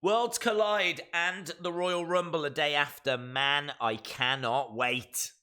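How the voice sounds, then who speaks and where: A man's voice: on the high side, slow, pushed and bright. A man with a Black Country accent from the West Midlands, hosting a wrestling live stream in casual, opinionated chat, reading out viewer comments. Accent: Black Country English. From West Midlands, England. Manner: chatty and opinionated, with frequent fillers.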